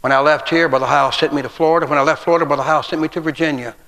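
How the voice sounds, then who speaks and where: Folksy preacher in a reverberant church. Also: male voice, fairly high pitch, steady tone, rapid-fire, pushed and bright. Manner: folksy, humorous storytelling with acted quotes. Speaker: guest preacher. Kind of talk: sermon with personal stories. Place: church sanctuary. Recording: long church hall reverb.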